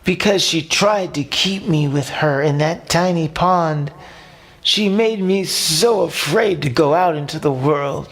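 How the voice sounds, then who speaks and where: A man's voice: on the high side, a little slow, pitched above the performer's own voice. A man voicing a small, frightened young male fish in a storybook, talking in a pleading, whiny way.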